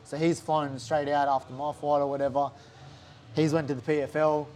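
An Australian man retells his story in a loose, animated way, scattering "like" and swear words. His voice sits a little high for a man. Faint noise runs underneath. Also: normal speed. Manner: animated, swears often, heavy use of "like". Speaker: interview guest, fighter. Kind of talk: casual storytelling chat.

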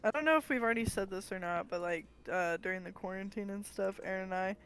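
A young woman chatting casually as a podcast co-host. She talks in a loose, rambling way, full of fillers and easy laughter, with a pitch in the ordinary middle range. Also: fast talker, a bit bright, clear, resonant tone, rough recording. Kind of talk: casual chat.

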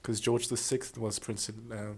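A man co-hosting a casual comedy podcast, telling stories in an animated, chatty way and slipping into playful impressions. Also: lowish voice, measured pace, husky. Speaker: podcast co-host.

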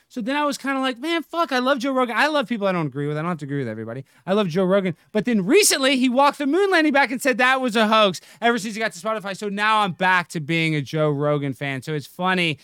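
A man as a guest on a podcast, ranting in loud, brash banter and swearing a lot. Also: high voice, lively intonation, fast talker, few pauses, smooth, no echo, clean studio sound.

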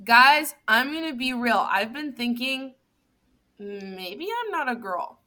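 A woman's voice: on the high side, animated, takes it slowly, sharp tone. A woman playing a tabletop game, asking earnest questions in casual talk. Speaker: player.

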